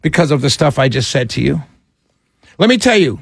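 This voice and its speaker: A man's voice: medium pitch, big pitch swings, a little fast, vocal fry, breathy edge, no room sound, studio quality. A man giving ranting commentary to his audience, exasperated and incredulous, often stammering and laughing in disbelief. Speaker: political commentator.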